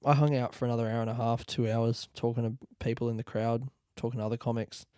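A man's voice: medium pitch, level tone, fast talker, dark tone, no echo, studio quality. A man in his thirties, a podcast host rambling casually through an outro outdoors and swearing now and then. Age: 30s. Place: outdoors under a tree.

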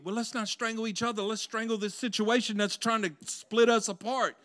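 A male pastor preaching a conversational sermon that swells into loud, passionate peaks. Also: high-pitched, fairly even intonation, a little fast, few pauses, no echo.

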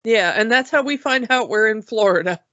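A woman's voice: a little high, expressive, a little fast, bright, forceful tone, no echo, muffled recording. A woman co-hosting a casual talk show about cartoons, chatty and enthusiastic, often restarting her sentences. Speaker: podcast co-host. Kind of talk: casual cartoon review chat.

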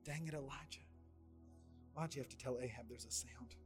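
A man's voice: medium pitch, over music, pitched below the performer's own voice, natural voice. A man doing a grumbling exasperated servant. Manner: muttered complaint, quick.

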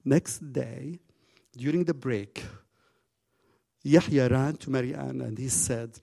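Gravelly, husky male preacher. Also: mid-range voice, takes it slowly, pauses often. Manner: impassioned, swinging from hushed to loud. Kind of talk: sermon storytelling.

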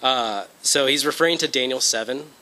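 A man's voice: mid-range voice, normal speed, pushed and bright, poor audio. A young man giving an informal Bible lesson, talking through his notes with fillers and "okay?" check-ins. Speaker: Bible study teacher. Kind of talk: informal lecture presentation.

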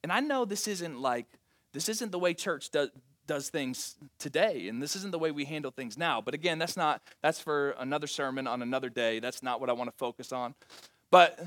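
A man's voice: a little high, fairly quick, a bit bright. A man preaching a sermon as pastor, talking emphatically with frequent restarts and rhetorical questions to the congregation.

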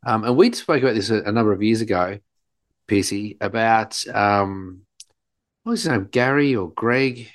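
A middle-aged man, co-hosting a podcast as a playful, animated storyteller. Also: lowish voice, normal speed, dry recording. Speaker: podcast co-host, doctor. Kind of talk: casual podcast chat.

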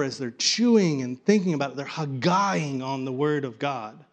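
Lively male Bible study teacher. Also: fairly high pitch, moderate pace. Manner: animated, repeats and restarts words, coaxes the group to join in. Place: room with a live group.

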